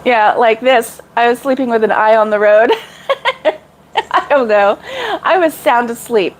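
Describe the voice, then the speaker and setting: A woman's voice: a little high, measured pace, a little hiss or hum, low-quality recording. A middle-aged woman chatting casually with live viewers about crochet, rambling and laughing often. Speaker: crochet vlogger.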